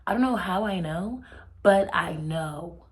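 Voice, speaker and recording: Gravelly-voiced young woman telling a faith story. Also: lowish voice, lively intonation, slow. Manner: chatty and heartfelt, often drops to a near whisper. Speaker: storytime vlogger. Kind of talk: casual faith storytelling to camera.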